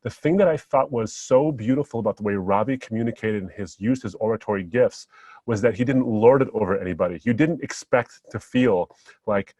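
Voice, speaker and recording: A man speaking as a guest on a podcast, reflecting on memories and telling stories in a relaxed, anecdotal way. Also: on the low side, brisk, no room sound. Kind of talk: podcast conversation.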